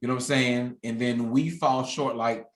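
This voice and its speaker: A man's voice: mid-range voice, fairly even intonation, normal speed, roomy sound, low-quality recording. A man in his thirties hosting a casual conversation, talking candidly and reflectively and often restarting his sentences. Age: 30s. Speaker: podcast host.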